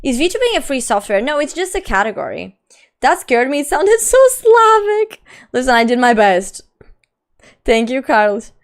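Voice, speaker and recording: A woman's voice: high-pitched, big pitch swings, moderate pace. A young adult woman streamer chatting casually and reading her chat aloud. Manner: chatty, reads chat aloud, frequent laughs and "like".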